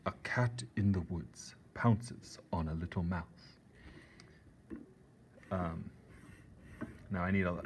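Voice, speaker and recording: A man's voice: low-pitched, gravelly, slight background noise. A man teaching an art lesson in a playful, chatty way, laughing often. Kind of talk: classroom video lesson.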